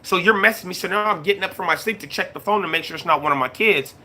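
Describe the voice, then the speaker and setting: A man's voice: high voice, racing, pushed and bright, a little hiss or hum. A middle-aged man chatting casually on a livestream, greeting viewers and repeating himself as he talks. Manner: laid-back, repeats himself, greets chat mid-story. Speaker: YouTube live streamer.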